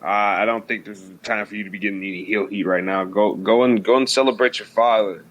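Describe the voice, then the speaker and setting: A man's voice: on the low side, steady tone, fast, muffled recording. A man appearing as a guest on a wrestling podcast, blunt and opinionated. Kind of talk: casual wrestling chat.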